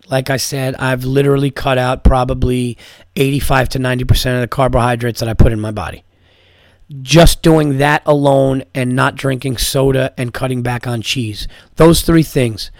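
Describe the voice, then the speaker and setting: A man's voice: mid-range voice, dry recording, studio quality. A man hosting his own podcast, chatting casually and telling stories, swearing freely and stumbling over repeated words. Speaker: podcast host. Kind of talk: casual solo podcast chat.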